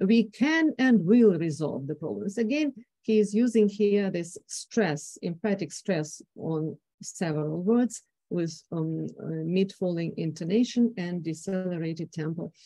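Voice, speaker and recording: A woman's voice: lowish voice, warm tone, no echo. A woman with a Ukrainian accent, a native Ukrainian speaker, giving an academic conference talk on the intonation of political speeches, hesitant with many fillers and restarts.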